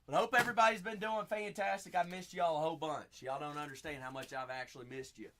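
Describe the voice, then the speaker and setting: A man's voice: a little high, fairly even intonation, quick pace, fairly bright tone, slight background noise. A chatty man with a Southern accent hosting a live card-break stream, talking to viewers by name.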